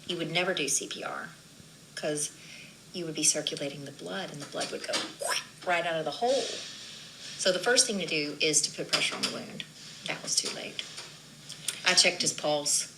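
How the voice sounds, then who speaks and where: A woman's voice: low voice, normal speed, creaky, long pauses, background noise. A woman, a nurse, being interviewed for TV news, telling an emotional story, acting out what people said and dropping to whispers at times.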